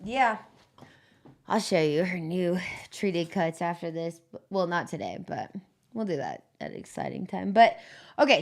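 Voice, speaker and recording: Showing off her plants on a live stream, a woman with a lowish voice chats loosely, swearing freely and restarting sentences. She drifts closer to and farther from the mic as she moves.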